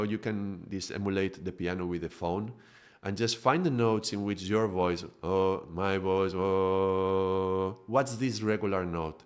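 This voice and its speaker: Low-voiced man teaching yoga ideas. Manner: explanatory, demonstrates with his own voice. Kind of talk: live spiritual talk.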